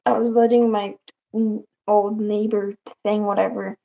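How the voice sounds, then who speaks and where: A woman's voice: mid-range voice, flat delivery, unhurried, creaky, phone-quality sound. A woman co-hosting a livestream and moderating its chat, telling stories in casual conversation. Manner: chatty, storytelling.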